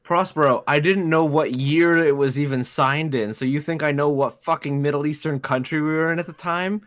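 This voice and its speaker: A man's voice: fairly high pitch, steady tone, moderate pace, fairly bright tone, no room sound. A man from the United States, co-hosting a casual livestream, joking and swearing often. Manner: profane, joking. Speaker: co-host.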